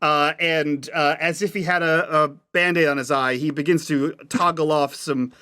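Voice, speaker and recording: Game master guy, kinda high voice, rambly with lots of ums, laughs a lot. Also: fairly even intonation, moderate pace, sharp tone. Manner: rambling, many fillers and restarts, laughs often. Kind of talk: narrating a tabletop game.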